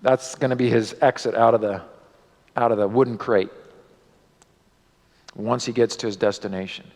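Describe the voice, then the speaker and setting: Gravelly male pastor preaching in a reverberant church. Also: medium pitch, moderate pace. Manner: animated storyteller, voice rising and dropping for drama. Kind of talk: sermon storytelling. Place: church sanctuary. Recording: long church hall reverb.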